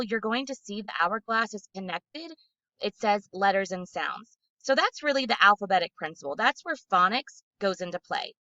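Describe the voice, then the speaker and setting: A woman giving an instructional presentation to teachers, explaining reading skills clearly and methodically and slowing down to model syllables aloud. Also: mid-range voice, bright, forceful tone, no echo, dull audio. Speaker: literacy trainer.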